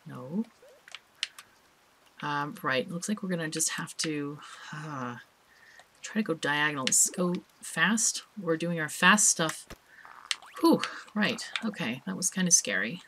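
Woman, low pitch, bright voice, casual gameplay commentary, faint hiss. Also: lively intonation, slow, pauses often. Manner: chatty, thinks aloud, small laughs. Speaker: let's play host.

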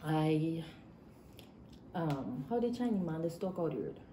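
A woman's voice: sits low, lively intonation, a little slow, warm tone. A woman vlogger chatting casually, hesitant and laughing often, with many fillers. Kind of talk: casual chat. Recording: echoey room with faint noise.

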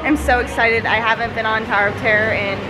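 A young woman vlogging in a casual, gushing, excitable way at an outdoor theme park. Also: fairly high pitch, fast, over music, a crowd in the background, low-quality recording. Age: young adult. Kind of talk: casual vlog.

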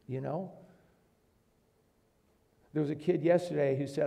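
A man's voice: mid-range voice, fairly even intonation, moderate pace, creaky, pauses often, lo-fi sound. A man preaching a sermon to a congregation in a church, earnest, asking the room questions and rising to emphatic bursts. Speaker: pastor.

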